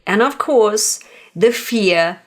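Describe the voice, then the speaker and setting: A woman's voice: medium pitch, animated, very slow. A woman in her fifties hosting a podcast interview, chatty and self-deprecating, drifting into little asides. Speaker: podcast host.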